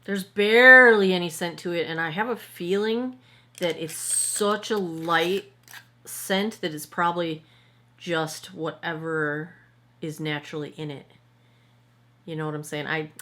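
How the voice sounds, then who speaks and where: A woman's voice: low-pitched, bright, forceful tone. A woman in her forties giving a casual, rambling skincare review at home as a vlogger, often correcting herself mid-sentence. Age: 40s. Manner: rambling, self-correcting, chatty. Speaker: skincare vlogger and product maker. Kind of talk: casual chatty product review. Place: at home, indoors, filming in front of a monitor.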